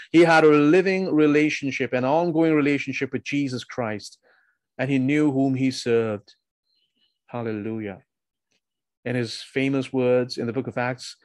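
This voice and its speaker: A man's voice: medium pitch, a little mellow, no room sound. A man preaching a sermon, earnest and emphatic, asking his listeners pointed questions.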